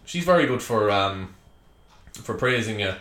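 A man's voice: fairly low pitch, expressive, unhurried, a bit bright. An Irish man hosting a solo comedy podcast, ranting chattily with lots of joking asides, recorded in a small room at home. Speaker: podcast host. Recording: echoey room.

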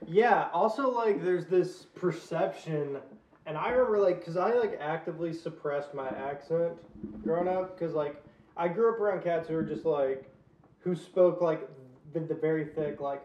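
A chatty man from the American South co-hosting a podcast, filling his talk with fillers and easy laughter. His voice sits a little higher than most men's. It rings in an echoey room with a dull, lo-fi sound. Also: normal speed, a little mellow, recorded from a distance. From Southern United States. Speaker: podcast co-host. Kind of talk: casual chat.

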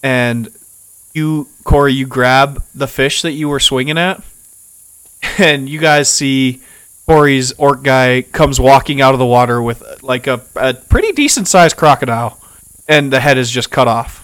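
A man's voice: mid-range voice, a little slow, a bit bright, clean tone, poor audio. A man narrating as game master of a tabletop game, laid-back, swearing casually and chuckling as he describes the scene.

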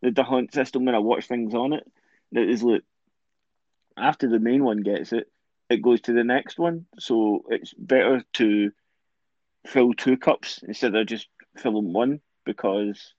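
A Scottish man chats loosely as a podcast co-host, tripping over words and circling back. His voice sits at a middling pitch. The recording is dry and a little dull. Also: measured pace, darkish tone, dry recording. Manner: rambling, stumbles over words. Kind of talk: casual chat.

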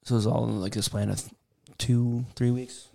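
A man's voice: medium pitch, flat delivery, moderate pace, creaky, warm tone, a little hiss or hum. A man co-hosting a podcast, telling a rambling story in casual chat and acting out what people said. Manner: rambling storyteller, acts out quotes. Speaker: podcast co-host.

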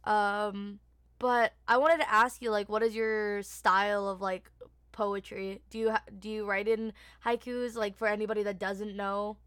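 A woman's voice: medium pitch, flat delivery, a little slow, fairly bright tone, clear, resonant tone, no room sound, studio quality. A young woman hosting a casual chat, giggly and chatty, hesitating often. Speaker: host, interviewer.

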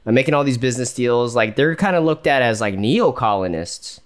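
A man's voice: medium pitch, expressive, fairly quick. A man co-hosting a casual podcast, talking tentatively and hedging with lots of "like" and "you know". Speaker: podcast co-host.

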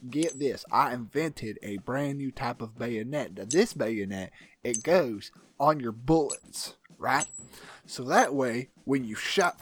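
A man's voice: mid-range voice, a bit bright, dry recording. A man playing a gleeful weapons inventor in an improvised comedy podcast, with crude, boastful banter. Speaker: podcast host. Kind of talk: improvised comedy role-play.

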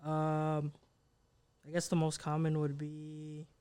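A man, a co-creator of the podcast, explaining something casually and hesitantly, with pauses and "um"s. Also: a little high, monotone, darkish tone, smooth. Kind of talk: casual chat.

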